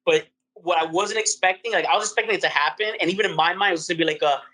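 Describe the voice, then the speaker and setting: A man co-hosting a podcast, chatting casually about a film with rambling fan excitement. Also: high voice, very fast, low-quality recording. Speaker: podcast co-host. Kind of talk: casual movie review chat.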